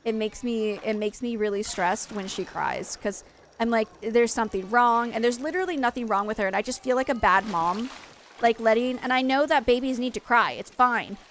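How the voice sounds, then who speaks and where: A young adult woman streaming a game speaks a little fast in a slightly high, fairly bright voice. She rambles loosely as she plays, repeatedly using "like" and restarting her sentences, with slight noise in the background.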